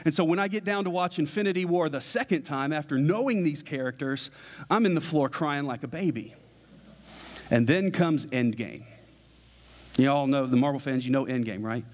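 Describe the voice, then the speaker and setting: A man's voice: fairly high pitch, normal speed. Man preaching in an echoing hall. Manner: casual storytelling, acts out quoted dialogue. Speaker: pastor. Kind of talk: sermon illustration. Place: church sanctuary. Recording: long hall reverb.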